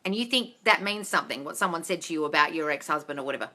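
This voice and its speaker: A woman hosting a live question-and-answer stream. She reads viewers' comments and answers them bluntly, with constant swearing, often calling them "darling" and sometimes breaking into loud, scolding rants. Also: low-pitched, animated, rapid-fire, hardly any pauses. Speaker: host of a live manifesting Q&A. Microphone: livestream phone or webcam mic.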